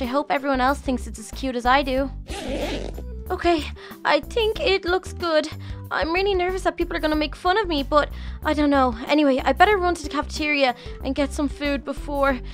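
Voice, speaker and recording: A woman's voice: high voice, a bit bright. A woman voicing an eager, nervous young schoolgirl, chatting to herself through a game roleplay with gushing exclamations. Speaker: channel host.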